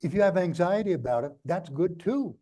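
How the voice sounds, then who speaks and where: Older new york guy, blunt and jokey, rambles through stories, kinda high voice, mellow tone. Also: lively intonation, fairly quick. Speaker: guest speaker. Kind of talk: conversational interview on stage.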